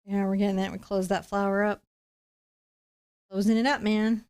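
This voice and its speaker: A woman's voice: mid-range voice, little pitch movement, moderate pace, a little mellow, smooth. Chatty woman teaching painting live. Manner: chatty and playful, talking while painting. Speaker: painting instructor. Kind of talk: live-streamed painting lesson.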